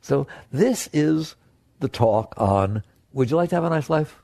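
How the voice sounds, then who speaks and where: A spiritual teacher gives a talk to an audience, direct and coaxing, switching between playful high voices and soft low asides. He is animated yet unhurried, with vocal fry, and there is no room sound.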